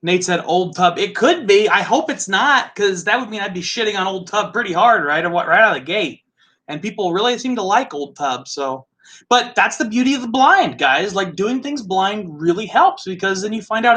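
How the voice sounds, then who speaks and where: A chatty man with a Midwestern American accent hosts a casual live tasting. His voice sits high for a man and has a bright, forward edge. He muses aloud in a loose, easygoing way. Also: lively intonation, normal speed. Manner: chatty, musing aloud, laughs easily. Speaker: host.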